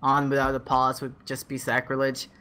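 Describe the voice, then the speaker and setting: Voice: mid-range voice, monotone, moderate pace, bright, forceful tone, slight background noise. An esports caster doing casual commentary and teasing the co-caster.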